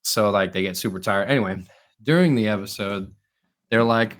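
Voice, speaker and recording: A man's voice: lowish voice, moderate pace. A young man co-hosting a podcast in casual chat, a rambling storyteller talking through a stuffed-up nose. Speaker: podcast co-host.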